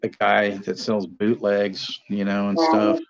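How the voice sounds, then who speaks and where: A man's voice: on the low side, flat delivery, slow pace, vocal fry, crowd noise. Man spinning profane stories, muffled audio. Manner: storytelling, profane, laughing. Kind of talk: casual chat on a livestream. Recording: dull lo-fi sound.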